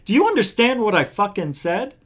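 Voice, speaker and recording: High-voiced man arguing hotly. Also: very animated, a little fast, a loud crowd. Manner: defensive, shouting and swearing. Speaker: channel host. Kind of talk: heated live panel argument.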